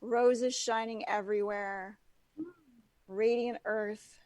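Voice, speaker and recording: A woman's voice: mid-range voice, steady tone, takes it slowly, darkish tone, dry recording. A woman guest in a casual interview, chatty and full of fillers like "like" and "you know". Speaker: guest, natural products founder.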